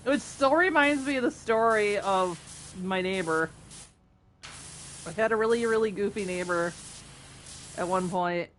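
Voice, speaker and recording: A woman's voice: medium pitch, takes it slowly, long pauses, slight background noise. A woman game streamer chatting casually with her viewers as she plays, giggling often and teasing playfully. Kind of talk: casual chat while gaming.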